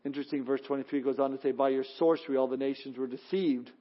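A man's voice: mid-range voice, steady tone, fast, dull audio. A man preaching a sermon, reading scripture aloud and stressing points with emphatic exclamations.

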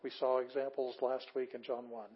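A man's voice: medium pitch, level tone, normal speed, slightly rough. A man teaching a Greek class, reading Bible verses aloud and explaining them word by word in a casual, enthusiastic way. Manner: casual with fillers, enthusiastic asides. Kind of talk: classroom lecture. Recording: slightly dull lo-fi audio.

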